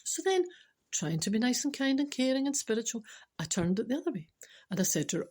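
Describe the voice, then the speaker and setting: A middle-aged Scottish woman telling a humorous anecdote to a listener, animated and exclaiming as she acts out what people said. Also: a little high, fast. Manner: animated, exclaiming, acting out quotes with laughs. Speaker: spiritual speaker and storyteller.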